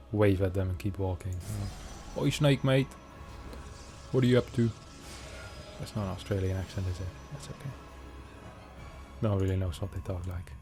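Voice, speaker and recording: Joking low-voiced male game caster. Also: noisy background. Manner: chatty, joking, quick reactions. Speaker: esports caster. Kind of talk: casual game commentary.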